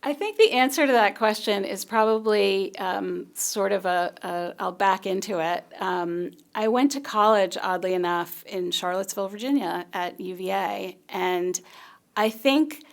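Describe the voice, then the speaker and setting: A middle-aged woman from Long Island, a genealogist being interviewed in a TV studio, telling stories in a chatty, animated way with plenty of fillers. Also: medium pitch, unhurried, creaky. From Long Island, New York. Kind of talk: casual conversational interview. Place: TV news studio.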